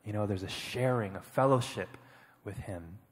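Low-ish guy sharing an earnest story at church, kinda halting, echoey hall sound. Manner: earnest, reflective, often halting. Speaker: panel speaker, foster parent. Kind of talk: personal testimony at church.

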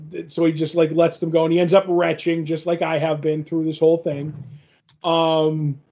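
A man's voice: fairly high pitch, dull audio. A man co-hosting a podcast, rambling casually through a comic recap with fillers and restarts. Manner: rambling, many fillers, restarts and acted quotes. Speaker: podcast co-host.

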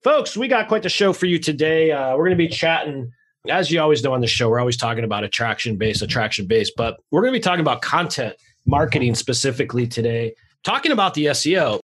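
A man hosting a podcast, talking fast and raw in a casual, energetic way with mild swearing. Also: mid-range voice. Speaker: podcast host.

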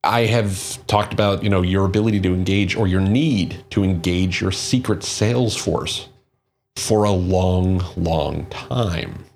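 In this solo marketing talk, a man with a low-pitched, gravelly, somewhat mellow voice speaks a little slowly over a faint hiss or hum. He works through quotes and statistics, then drives home his own points as a commentator.

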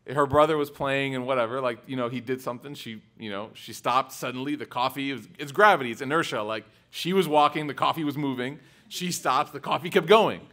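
A man giving a religious lecture to a live audience. He tells animated personal anecdotes in a casual style, full of "like" and "right?", and often quizzes his listeners. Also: a little high. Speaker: religious speaker.

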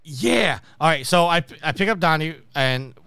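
A man's voice: on the high side, animated, moderate pace, vocal fry, sharp tone, smooth, no room sound. A man from New York hosting a casual podcast and telling stories, acting out the people he quotes. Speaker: podcast host.

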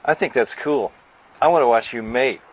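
A man voicing a rude, bratty young male alien bird in a storybook reading, with sneering, rapid taunts. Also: mid-range voice, noisy background, close to an everyday voice. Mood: mocking.

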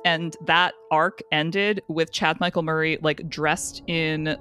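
A woman co-hosting a chat podcast, retelling comic stories in an animated way and laughing often. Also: sits low, takes it slowly, soft background music. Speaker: podcast co-host. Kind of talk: casual chat.

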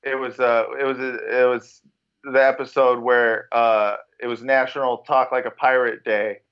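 A man's voice: medium pitch, little pitch movement, unhurried, clean tone, muffled recording. A man co-hosting a podcast, chatting casually, brash and swearing, calling everyone dude. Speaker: podcast co-host. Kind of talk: casual chat.

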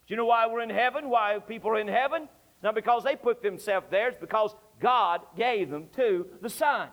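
A man's voice: sits high, fairly quick, a bit bright. A male pastor preaching a fervent, emphatic sermon. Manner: fervent, emphatic, repetitive exhortation.

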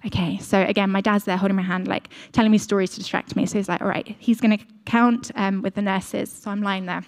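A woman's voice: medium pitch, fairly even intonation, brisk. A young woman preaching a sermon, telling a personal story in a chatty way, with frequent fillers and asides to the congregation.

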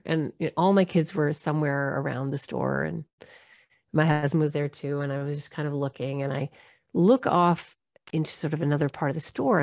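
A middle-aged woman and mother, telling a personal story and reflecting on parenting in a talk. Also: low voice. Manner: warm, reflective, acts out quoted voices. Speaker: parenting speaker.

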